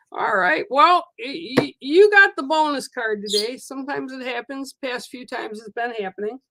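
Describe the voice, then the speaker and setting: Gravelly-voiced woman giving gentle card readings. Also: high-pitched, expressive, unhurried, no room sound. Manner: gentle, reassuring, rambling. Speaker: spiritual card reader. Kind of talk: live oracle card reading.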